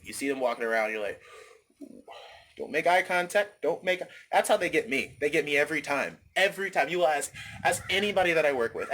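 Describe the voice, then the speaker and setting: A man ranting casually into his phone outdoors in the wind, rambling, animated, swearing freely and repeating himself. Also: fairly high pitch. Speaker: vlogger. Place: outdoors, windy.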